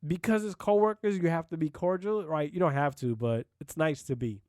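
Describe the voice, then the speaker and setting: A man's voice: a little high, fairly quick, darkish tone, dry recording, studio quality. A man hosting a solo podcast, talking bluntly and casually, with profanity and frequent "you know what I mean" asides. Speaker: podcast host.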